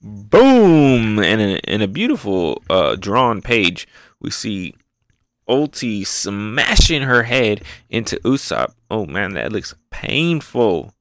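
A man hosting a casual, excitable, rambling review show, often repeating words as he talks. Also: lowish voice, takes it slowly, dry recording. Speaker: podcast host reviewing manga. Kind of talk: casual chat.

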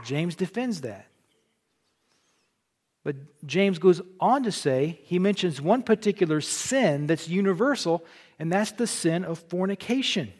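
A man's voice: high-pitched, a little slow. A middle-aged man from Illinois preaching a sermon in a church, telling stories with jokes and frequent restarts. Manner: folksy, joking, animated storytelling with repeated restarts. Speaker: pastor.

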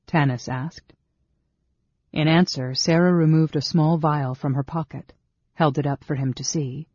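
Brief: male narrator, measured scripted reading, husky tone, dead-dry booth. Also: a little high, steady tone, darkish tone, no echo. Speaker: audiobook narrator. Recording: dull, dry studio sound.

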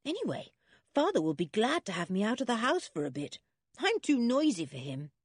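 A woman's voice: a little high, wildly swooping pitch, brisk, slightly rough, no room sound, clean studio sound, voice pushed up, heavily acted. A woman voicing an eager, boisterous tomboy girl in a storybook reading, bouncy and enthusiastic.

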